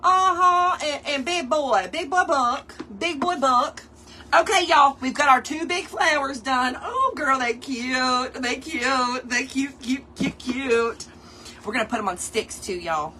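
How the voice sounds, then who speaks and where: A woman's voice: high-pitched, unhurried, pushed and bright, slight background noise. A woman hosting a casual craft tutorial, chatting playfully with her viewers as she works. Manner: playful, chatty, talks straight to viewers and chat, laughs often.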